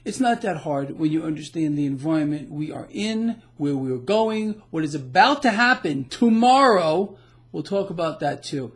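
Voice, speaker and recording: A man with a fairly high voice delivers casual market commentary on his own blog. He talks in an emphatic, boastful way and leans hard on his opinions. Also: animated, normal speed. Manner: emphatic, boastful, laughs at the news. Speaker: financial blogger.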